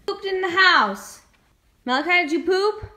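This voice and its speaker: A woman with a high, bright voice questions her dogs in an accusing tone. She speaks slowly, and the recording is roomy and echoey. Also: lively intonation. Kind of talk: scolding pet dogs.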